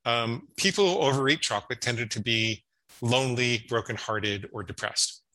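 Bright, sharp-voiced man in his fifties. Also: medium pitch, normal speed, low-quality recording. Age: 50s. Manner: explanatory storytelling with frequent restarts. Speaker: psychologist guest. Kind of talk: conversational interview.

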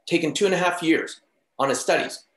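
Guy telling stories in an interview, slightly high voice, does all the voices, echoey room. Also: a little fast. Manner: animated, acts out the voices in his stories. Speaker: interview guest. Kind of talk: casual storytelling. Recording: roomy echo.

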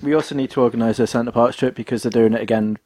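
A man's voice: medium pitch, steady tone, rapid-fire, a little mellow, dry recording. A young man co-hosting a podcast, teasing his friend with laughs and interruptions. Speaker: podcast co-host. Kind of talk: casual chat.

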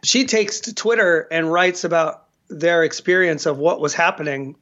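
A man's voice: a little high, normal speed, pushed and bright, highs cut off. A man co-hosting a podcast in casual chat, rambling, swearing and laughing often. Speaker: podcast co-host.

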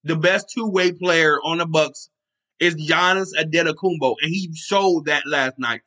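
A man on a sports podcast talks with open passion, piling on repeats and the odd curse word. His voice sits a bit high and comes across bright and forceful. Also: a little slow. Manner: passionate, emphatic, swears and repeats himself. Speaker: podcast host. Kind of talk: excited sports talk.

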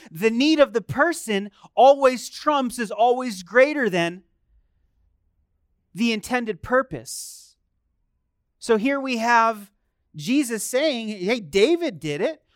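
Male pastor, sermon, talks conversationally, asks listeners questions, smooth resonant voice, dry sound. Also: very high voice, no room sound.

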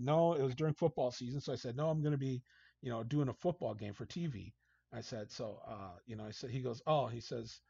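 Gravelly husky man telling stories. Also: mid-range voice, dry recording. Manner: animated storyteller, acts out quotes. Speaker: guest, hockey coach. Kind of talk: casual anecdote telling. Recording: dull, dry lo-fi sound.

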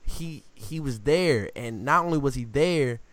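A man co-hosting a casual sports podcast, telling animated stories and acting out quotes in slang. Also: medium pitch, a little slow, no echo. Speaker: podcast co-host.

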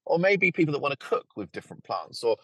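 A man talking as a podcast guest, with a husky, slightly breathy voice that swoops up and down a lot. His delivery is lively and chatty. The recording is dry and close, with no room sound. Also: a little high, quick pace, no echo. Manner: lively, chatty, laughs easily. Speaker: podcast guest, plant marketer and author. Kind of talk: casual conversation.

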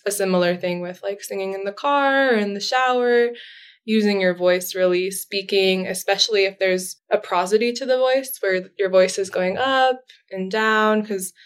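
A woman's voice: medium pitch, clear, resonant tone. A woman speaking as a therapist guest in a casual interview, explaining things in a chatty way with frequent fillers and light laughs.

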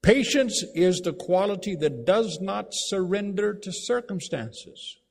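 A man's voice: high voice, lively intonation, gravelly. Emphatic preacher man in a reverberant hall. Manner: emphatic, repeats key phrases, slows to read scripture. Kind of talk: sermon. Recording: long reverb of a large hall.

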